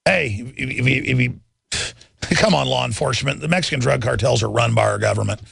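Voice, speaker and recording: Angry radio host guy ranting into a dry close mic, gravelly and raspy. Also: mid-range voice, fairly quick, fairly bright tone, no echo. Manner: angry, ranting, repeats himself. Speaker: radio talk show host. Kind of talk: talk radio rant.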